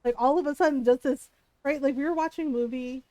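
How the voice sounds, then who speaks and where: A woman's voice: high voice, fast, warm tone, no room sound, lo-fi sound. A middle-aged woman streamer chatting casually while gaming, telling a story with frequent laughter and acted-out quotes.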